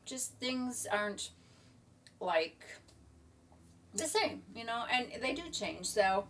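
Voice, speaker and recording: A woman's voice: a little high, lively intonation, slow pace, a bit bright, recorded from a distance, a little hiss or hum. A middle-aged woman chatting casually in her home kitchen, rambling and trailing off into asides. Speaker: vlogger. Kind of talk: casual chat.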